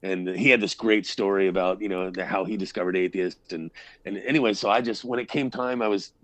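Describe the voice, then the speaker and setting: A man's voice: deep voice, fairly even intonation, fairly quick, no room sound. A man, a band frontman, telling stories in a casual interview, rambling and swearing freely. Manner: rambling storyteller, swears freely, acts out quotes.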